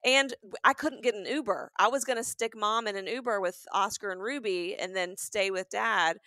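Dry-miked woman telling a lively story. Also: mid-range voice, normal speed, no room sound. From American South. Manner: animated storytelling, acting out quotes. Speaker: podcast co-host. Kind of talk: comedic casual chat.

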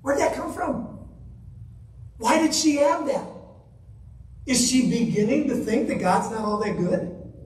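Man, guest preacher, high voice, slow and deliberate, rhetorical questions, echoey church sound from a distance. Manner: emphatic, asks the crowd rhetorical questions. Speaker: guest minister. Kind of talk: sermon. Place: church sanctuary. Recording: echoey church hall from far off.

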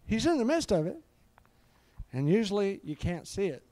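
A man's voice: sits high, big pitch swings, moderate pace, dark tone, dry recording. A middle-aged man preaching a live sermon, fervent and peppered with hallelujahs.

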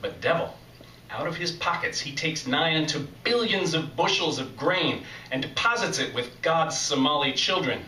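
A man's voice: on the high side, expressive, normal speed, sharp tone, slight background noise. Folksy man preaching a tale. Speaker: reader at a live essay competition. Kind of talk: performed essay reading to a live audience. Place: live reading venue with audience. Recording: echoey live club from a distance.

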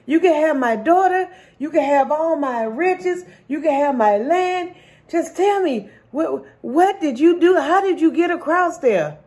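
A woman voicing an excitable old king in a spoken joke. He is amazed and pleading, and he keeps repeating himself breathlessly. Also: high voice, measured pace, voice pushed up.

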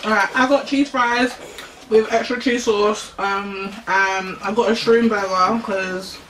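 A young woman hosting a casual mukbang chat at home, giggly and quick to laugh. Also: medium pitch, fairly even intonation, fairly bright tone. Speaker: YouTube host. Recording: distant camera mic, faint room noise.

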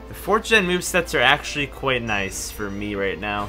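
A man's voice: medium pitch, very animated, normal speed, few pauses, bright, forceful tone, faint music behind. A man co-commentating a game with a friend, laid-back, quipping and reacting to battles. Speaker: co-op gaming partner. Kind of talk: casual co-op gameplay commentary.

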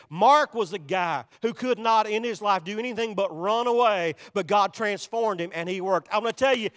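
A man's voice: high-pitched, a bit bright. A male pastor preaching a sermon, emphatic and repetitive, pressing his points directly on the congregation. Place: church sanctuary. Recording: long reverb of a large church sanctuary.

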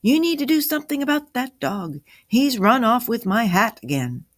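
A woman voicing a loud, joking older man, the family friend, who is often flustered. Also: very high voice, very animated, normal speed, no echo, clean studio sound, pitched above the performer's own voice, heavily acted. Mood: yelling.

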